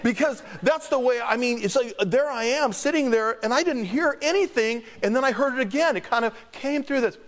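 A man preaching a sermon, telling a personal story in an animated, chuckling way. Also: extremely high pitch, a little fast, hardly any pauses. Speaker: pastor. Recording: long hall reverb.

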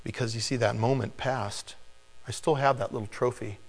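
A man preaching a sermon, telling a personal story in an animated, chuckling way. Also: mid-range voice, moderate pace. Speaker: pastor. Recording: long hall reverb.

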